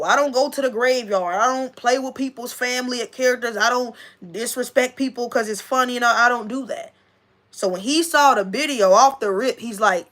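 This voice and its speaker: A woman with a fairly high, slightly bright voice talks at a normal speed to her livestream viewers. Casual and emphatic, she keeps repeating her points and speaks directly to a friend.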